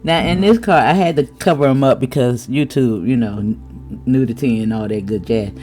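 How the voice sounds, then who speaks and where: A woman giving a casual tarot reading, chatty, with laughing asides and drawn-out exclamations. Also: rumbling low, dark tone, soft background music. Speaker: tarot reader.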